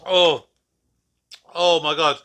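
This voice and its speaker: A male host reacting to a comedy clip in casual commentary, with amazed exclamations between his remarks. He speaks slowly and his tone is very bright and sharp. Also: on the high side, steady tone.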